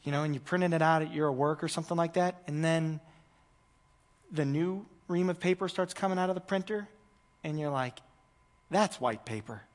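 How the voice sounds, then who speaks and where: A man, a pastor preaching a conversational sermon, swinging between loud emphasis and hushed moments. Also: fairly high pitch, fairly even intonation, moderate pace, long reverb tail.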